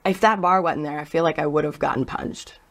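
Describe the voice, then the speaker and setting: A woman bartender, a guest on a talk show, telling casual stories in a chatty, animated way. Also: deep voice, brisk, noisy background. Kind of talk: casual storytelling.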